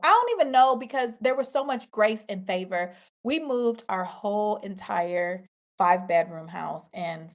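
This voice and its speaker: A woman's voice: fairly high pitch, a bit bright. Emphatic woman giving faith testimony. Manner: emphatic, repeats phrases like a preacher; talks straight to listeners, addressing them as y'all. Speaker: podcast host. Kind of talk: faith testimony podcast monologue.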